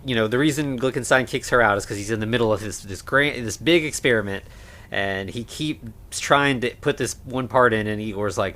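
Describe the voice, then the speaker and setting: A man co-hosting a podcast, recapping a film in casual chat, rambling with lots of fillers and quick laughs. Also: on the low side, fairly bright tone. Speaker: podcast co-host.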